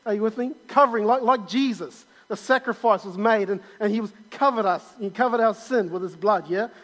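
A man's voice: sits high, brisk, fairly bright tone. A man preaching a sermon in a church auditorium, enthusiastic and full of repetitions and restarts. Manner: enthusiastic, repeats himself with many restarts. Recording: long hall reverb.

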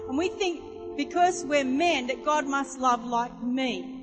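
A woman's voice: high-pitched, takes it slowly, in a large hall, music in the background. A woman preaching a sermon, telling stories and asking the congregation questions in a chatty way. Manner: chatty storytelling, asks the audience questions.

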